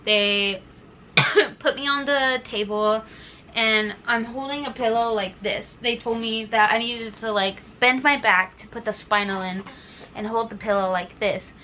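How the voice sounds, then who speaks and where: Chatty young woman, bright voice. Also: a little high, a little slow, slight background noise, rough recording. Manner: chatty, many "like" fillers, emotional. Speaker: vlogger. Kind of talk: casual personal storytelling.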